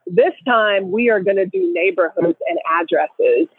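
A woman co-hosting a casual call-in podcast, a lively storyteller who slips into the voices of people she quotes. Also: medium pitch, measured pace, slightly rough, dry recording. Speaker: co-host. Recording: tinny phone line, dry.

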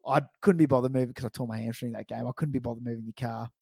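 A man's voice: mid-range voice, racing, vocal fry, breathy edge, dry recording, studio quality. A young Australian man telling a story in casual podcast chat, laughing and acting out quotes. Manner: animated, laughing storyteller who acts out quotes. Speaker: podcast co-host.

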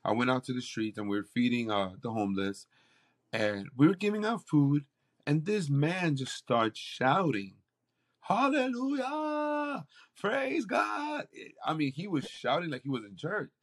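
Animated man telling a testimony. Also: medium pitch, moderate pace. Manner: animated storyteller, acts out quoted voices. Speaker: campus pastor, guest. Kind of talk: conversational testimony.

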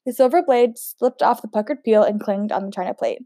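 A woman's voice: mid-range voice, brisk, warm tone, dry recording, studio quality. A woman reading a novel aloud in a casual way, stumbling over words now and then and chatting between passages. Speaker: audiobook reader.

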